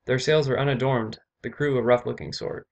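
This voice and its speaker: A man's voice: medium pitch, steady tone, brisk, creaky, highs cut off, lightly acted. Anxious young sentry, urgent report done by a male reader.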